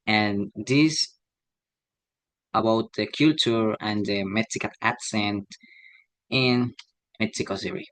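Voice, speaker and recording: Slow, halting young man presenting. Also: lowish voice, fairly bright tone, no echo, low-quality recording. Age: young adult. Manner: halting, tags sentences with "okay?". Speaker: student presenter. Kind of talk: class presentation.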